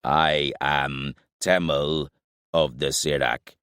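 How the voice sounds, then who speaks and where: A fierce warrior of a foreign tribe, as an audiobook narrator puts him on, with a guttural accent and a very low voice. He speaks slowly in short, clipped phrases. The recording is dry and close. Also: fairly even intonation, fairly bright tone, clear, resonant tone, dry recording, full character voice. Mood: curt. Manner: terse, slow and clipped. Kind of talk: audiobook character voice.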